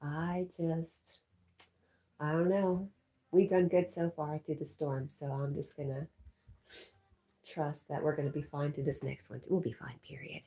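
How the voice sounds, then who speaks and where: A woman with a low, mellow and slightly husky voice hosts a relaxed livestream. She chats easily and reads viewer comments aloud, laughing often. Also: a little slow. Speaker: livestream host reading chat. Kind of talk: casual live chat.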